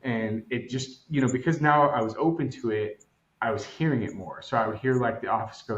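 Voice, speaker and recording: A man's voice: mid-range voice, fairly quick, reverberant, highs cut off. A man from Los Angeles, a podcast co-host, telling a long casual story full of fillers and acted-out quotes. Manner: rambling, many fillers, acts out quotes.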